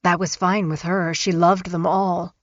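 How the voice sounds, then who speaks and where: A woman narrating an audiobook in a measured, even way. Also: fairly low pitch, no echo. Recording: dull, dry studio recording.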